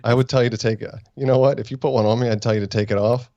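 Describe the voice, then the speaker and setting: A man's voice: medium pitch, fairly even intonation, rapid-fire, warm tone, dry recording. A man co-hosting a casual review podcast, rambling, teasing and spinning theories as he talks. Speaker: podcast co-host. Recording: dull lo-fi sound.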